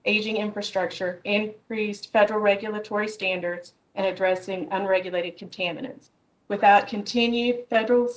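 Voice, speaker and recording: A woman testifying remotely at a Senate hearing from her office, reading a prepared statement in a measured way over a video call. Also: mid-range voice, poor audio.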